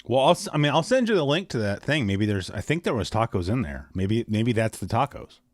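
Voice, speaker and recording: Low-voiced man in chatty podcast talk. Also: big pitch swings, a little fast, no echo, studio quality. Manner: chatty, leans on "like" and "you know". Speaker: podcast co-host. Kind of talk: casual chat.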